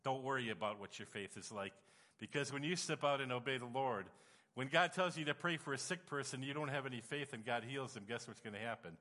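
A male preacher delivers a storytelling sermon, his voice bright and forceful. He swings into emotional, exclamatory moments. The sound rings with a long reverb, as in a church hall. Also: medium pitch, brisk.

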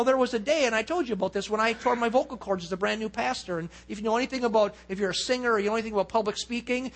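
A man pastor giving a conversational sermon in a church, telling stories with many asides; his voice is weak and fades in the low range.

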